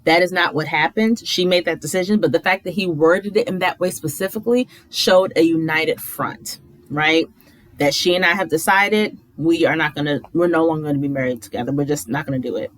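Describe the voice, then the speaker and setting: A woman casually recapping a reality TV episode, animated and opinionated, mimicking the cast in exaggerated high voices. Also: brisk.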